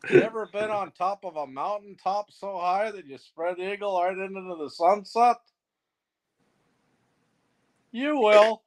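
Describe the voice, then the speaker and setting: A man doing a comic impression of a goofy, Muppet-like male comedian who rambles in surreal non sequiturs and swoops up high on punchlines. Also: moderate pace, close to an everyday voice. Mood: soaring.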